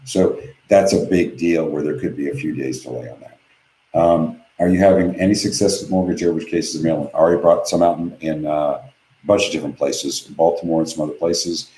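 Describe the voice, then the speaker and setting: A man's voice: very deep voice, fairly even intonation, fairly quick, mellow, reverberant, low-quality recording. A man hosting a live webinar from home, reading viewer questions aloud and answering them bluntly and offhand. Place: home office.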